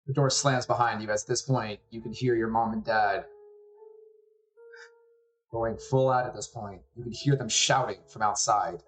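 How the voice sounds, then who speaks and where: A man narrating a tabletop role-playing game as game master, describing scenes calmly. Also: lowish voice.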